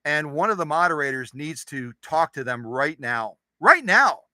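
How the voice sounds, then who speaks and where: A man's voice: on the high side, normal speed, sharp tone, dry recording, rough recording. A man hosting a live stream who chats casually with viewers, greeting them by name in a playful, goofy way and repeating phrases for fun.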